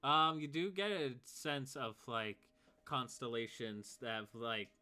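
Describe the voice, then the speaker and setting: Bright-voiced male game master. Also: medium pitch, measured pace, smooth. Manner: relaxed, many fillers and "like"s. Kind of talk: narrating a tabletop game.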